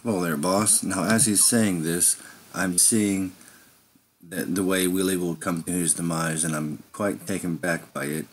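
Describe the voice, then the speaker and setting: A man's voice: deep voice, fairly even intonation, measured pace, slight background noise. A man telling an improvised first-person story in a rambling way, with slips and restarts.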